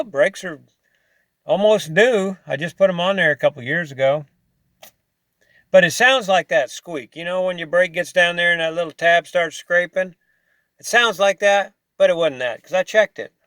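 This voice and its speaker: A man talking casually to camera about his truck, folksy and chatty, now and then mimicking a squeak in a high soft voice. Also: dry recording. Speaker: vlogger describing his truck trouble.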